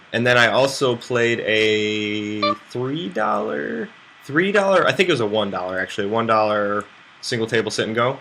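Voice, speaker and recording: A man's voice: mid-range voice, sharp tone, slight background noise. A man from the United States streaming online poker, rambling and thinking aloud about his hands with self-mocking asides. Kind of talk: live game commentary.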